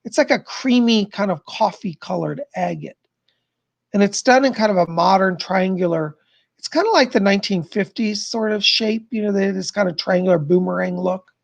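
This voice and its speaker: A middle-aged man with a strained, gravelly voice, chatting with viewers and leading a guided meditation on a live stream. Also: sits high, dull audio. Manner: chatty, gentle, thanks viewers by name; slow soothing guidance in meditation. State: strained, worn voice. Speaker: psychic medium streamer.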